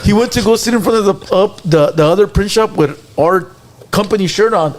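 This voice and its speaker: A man's voice: high-pitched, brisk. A man hosting a late-night talk show, telling stories brashly and profanely, slipping Spanish into his slang and acting out what others said. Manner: gruff storyteller who acts out quotes. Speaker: show host.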